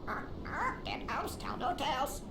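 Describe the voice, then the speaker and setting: A voice actor playing a cheeky pet parrot in a video game, squawking sailor and pirate phrases in a croaky voice. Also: high-pitched, wildly swooping pitch, normal speed, reverberant, very noisy.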